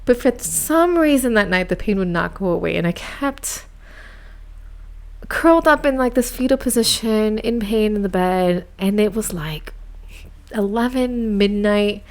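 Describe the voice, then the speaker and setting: A woman from Miami hosting a podcast, telling a personal story in a chatty, animated, self-mocking way. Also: medium pitch, a little slow. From United States, grew up in Miami. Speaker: podcast host. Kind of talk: casual storytelling monologue.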